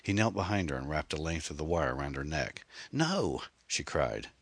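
A man narrates a mystery novel in a measured, dramatic reading. His voice sits very low with a bright, forceful tone, and the sound is close and dry. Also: no room sound. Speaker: audiobook narrator. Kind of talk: scripted narration.

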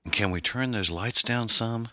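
A fretful, loving wife, put on by a male audiobook narrator, sits by her husband's hospital bed. She speaks tenderly and fusses over him in a raised, soft voice. Her tone is bright. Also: on the low side, normal speed, no echo, pitched above the performer's own voice. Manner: tender, fussing, soothing.

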